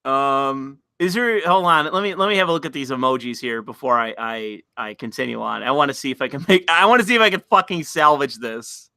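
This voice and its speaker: A man's voice: medium pitch, a little fast, few pauses, pushed and bright, no room sound, studio quality. A man hosting a casual live stream, talking to chat in a profane, exasperated way and laughing often.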